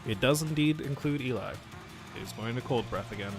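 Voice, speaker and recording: A man's voice: medium pitch, normal speed, over music. A man running a tabletop game as game master, joking and ruling on dice rolls.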